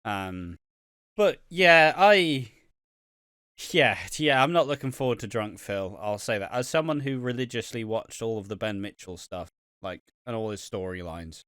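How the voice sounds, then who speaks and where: A man co-hosting a podcast in loose, rambling chat, his voice bright and forceful. He swears freely and breaks into laughter often. The sound is dry and close, with no room around it. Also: on the low side, animated, unhurried, clean tone, dry recording. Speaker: podcast co-host. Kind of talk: casual chat.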